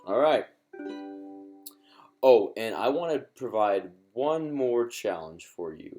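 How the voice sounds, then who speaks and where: A man with a very deep voice teaches ukulele in a live lesson. He is encouraging and chatty, stumbles over his words now and then, and counts out beats. Faint ukulele playing sits behind him. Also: dark tone. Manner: encouraging, chatty, with many fillers and restarts. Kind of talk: live-streamed music lesson.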